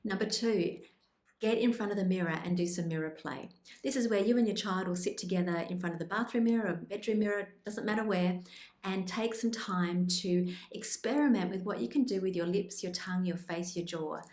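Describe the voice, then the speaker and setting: A woman speech pathologist presenting tips in an instructional video, with a calm, clear explanatory delivery. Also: medium pitch, fairly quick, reverberant. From Australia.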